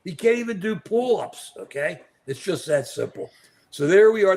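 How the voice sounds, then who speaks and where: Man, animated, fairly high voice, live political talk, calls out to viewers. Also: normal speed. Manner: animated, talks to viewers by name. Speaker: co-host. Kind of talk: live political chat show. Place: at home in New York.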